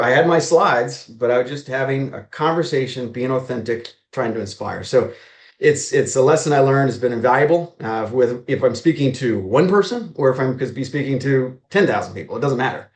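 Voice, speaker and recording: A man's voice: mid-range voice, fairly quick, echoey room. A man from Maryland, a real estate agent, telling stories as a podcast guest and acting out the dialogue he quotes. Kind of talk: storytelling in a podcast interview.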